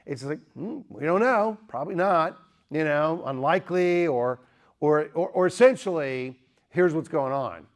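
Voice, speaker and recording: A man's voice: medium pitch, vocal fry. Joking male lecturer. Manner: lively, joking, asks the audience questions. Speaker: speaker. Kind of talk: apologetics lecture.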